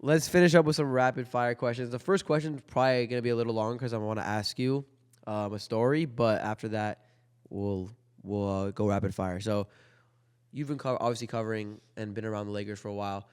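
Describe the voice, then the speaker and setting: A man co-hosting a casual podcast interview, relaxed and agreeable, with quick interjections. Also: fairly low pitch, clear, resonant tone. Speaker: podcast co-host.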